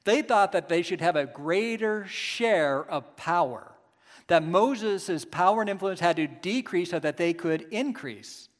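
A man's voice: high-pitched, animated, unhurried. Preaching man in a reverberant hall. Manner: emphatic preaching, rhetorical "right?" asides. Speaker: pastor. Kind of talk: sermon.

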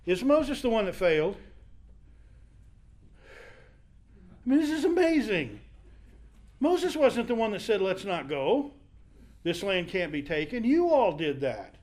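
A man's voice: sits high, very animated, takes it slowly, long pauses, darkish tone. A man teaching a Bible passage in a conversational sermon, acting out the quoted speakers as he goes.

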